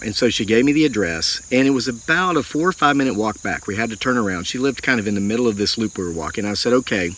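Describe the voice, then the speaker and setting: A man's voice: on the low side, fast, hardly any pauses. A middle-aged man telling a long personal story in a folksy, earnest way, acting out what people said. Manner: folksy, earnest, animated retelling with acted quotes. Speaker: homesteading channel host. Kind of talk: storytelling monologue.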